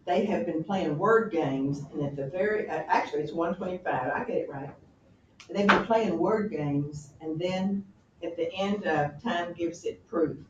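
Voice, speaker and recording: A woman teaching a class, talking in an animated, chatty way and often correcting herself, recorded from a distance in a classroom. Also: lowish voice, unhurried, roomy sound, muffled recording, a little hiss or hum. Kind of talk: classroom lecture on a play.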